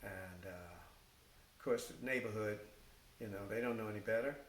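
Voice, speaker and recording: An older man tells a story in a halting, unhurried way, dotted with fillers and restarts, and livens up whenever he quotes someone. His voice carries an echoey room sound, with a faint hiss behind it. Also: on the low side. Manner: halting, with many fillers and restarts, animated when quoting others. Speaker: retired firefighter recounting his career. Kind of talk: oral-history storytelling.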